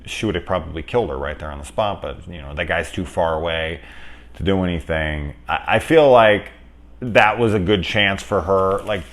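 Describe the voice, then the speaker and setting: A man talking casually through a movie review, rambling, correcting himself, and getting lively when he retells scenes. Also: deep voice, normal speed. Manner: rambling, conversational, self-correcting. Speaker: film reviewer.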